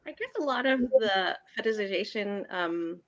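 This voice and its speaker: A woman's voice: mid-range voice, expressive, normal speed, a bit bright, dry recording. Woman from upstate New York, casual panel talk, dry and slightly muffled call audio. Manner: casual, rambling with fillers. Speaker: author on a panel.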